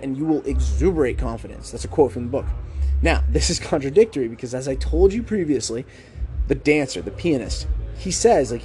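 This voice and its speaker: A young male podcast host with a medium-pitched, dark voice talks through a book in a casual monologue. He deliberately lets his tone rise and fall to keep listeners hooked, speaking conversationally with filler "like" and rhetorical questions.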